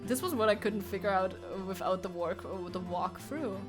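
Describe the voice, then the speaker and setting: Woman streamer rambling through a game, middle pitch, quiet game music in the back. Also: normal speed. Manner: chatty, thinking aloud with self-corrections and laughs. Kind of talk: casual game-stream commentary.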